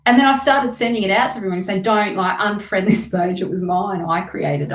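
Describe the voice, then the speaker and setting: A woman's voice: medium pitch, fairly quick, hardly any pauses. Chatty woman tarot reader, roomy sound. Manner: chatty, greets viewers, emphatic advice. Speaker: tarot reader doing live readings. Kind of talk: casual live-stream reading.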